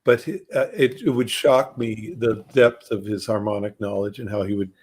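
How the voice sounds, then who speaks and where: A man in a casual chat on a video call, enthusiastic and quick to agree. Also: lowish voice, fairly even intonation, darkish tone, husky. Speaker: guest musician.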